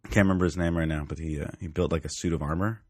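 A man's voice: very deep voice, rapid-fire, no room sound, studio quality. A man co-hosting a podcast remotely, chatting animatedly about films with lots of fillers and easy laughter. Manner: laughs easily, animated, uses many fillers. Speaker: podcast co-host. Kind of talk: casual film chat. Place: home, remote from co-host.

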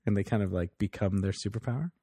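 A man's voice: fairly low pitch, quick pace, warm tone, husky, no room sound, clean studio sound. A man co-hosting a podcast, chatting casually about a TV show, laughing often and acting out the characters' lines. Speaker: podcast co-host. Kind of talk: casual TV review chat.

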